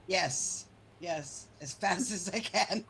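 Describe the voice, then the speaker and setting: A woman playing a tabletop game, chatting casually in a relaxed, unhurried way. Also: on the low side, vocal fry, a little hiss or hum.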